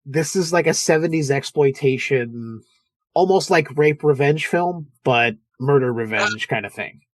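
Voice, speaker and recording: A man's voice: mid-range voice, measured pace, no echo. A man hosting a podcast, chatting casually about films and acting out scenes as he retells them. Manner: animated storyteller, acts out film scenes. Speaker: podcast host. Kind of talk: casual film chat.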